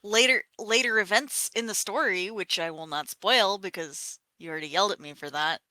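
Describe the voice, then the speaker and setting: A woman's voice: medium pitch, moderate pace, pushed and bright, no room sound. A woman co-hosting a podcast, joking and teasing in casual chat. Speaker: podcast co-host.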